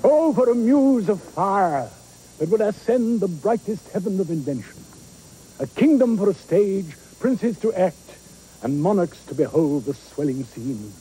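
A grand stage chorus. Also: male voice, high-pitched, very animated, a little slow, warm tone, slight background noise, low-quality recording. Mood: grand imploring. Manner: grand, declamatory. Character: stately male stage chorus, grand and imploring. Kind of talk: declaimed Shakespeare verse.

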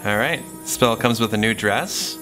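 A man's voice: lowish voice, unhurried, music in the background. Playful man reacting to a film. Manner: playful, gasping and laughing at the screen. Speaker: host reviewing a film. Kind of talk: casual reaction commentary.

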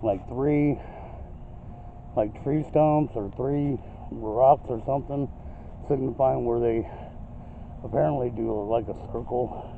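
A man's voice: medium pitch, slow, vocal fry, long pauses, phone-quality sound, slight background noise. A man vlogging casually from an outdoor cemetery, calling out to spirits in a raised voice as a paranormal investigator.

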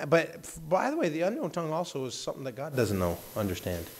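A male pastor talks fast during a church sermon over a microphone, his fairly high voice making huge pitch swings. He rambles with self-mocking humor, from hushed asides to loud bursts, with slight background noise.

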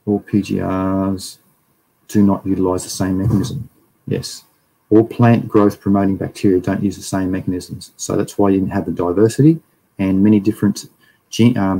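A man's voice: on the low side, warm tone, poor audio. A middle-aged Australian man giving a casual, rambling livestream lecture and reading viewer chat aloud.

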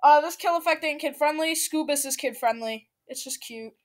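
High-voiced, excitable woman gamer. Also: normal speed. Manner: silly, excitable, bursts into shrieks and shouts. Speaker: gaming video creator. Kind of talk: let's play gameplay commentary.

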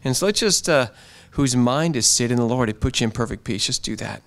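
A man's voice: mid-range voice, fairly quick, vocal fry. A pastor giving an earnest, conversational sermon in a church, often repeating his phrases.

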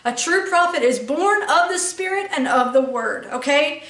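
High-voiced woman preaching in an echoey room. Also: animated, normal speed, a bit bright, far from the mic. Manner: emphatic, frequent rhetorical "okay?" checks. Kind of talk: sermon teaching.

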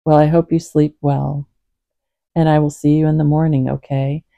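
A woman hosting a Bible reading for her cats, praying and chatting in a gentle, soft-spoken, rambling way at home. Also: low voice, flat delivery, moderate pace, gravelly, dry recording, lo-fi sound. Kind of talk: prayer and casual chat to camera.

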